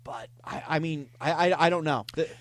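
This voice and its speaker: A man's voice: fairly high pitch, moderate pace, fairly bright tone, dry recording. A man hosting a comedy show, telling a story and reading chat messages aloud in a playful, mock-dramatic way. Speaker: podcast host reading scam chats.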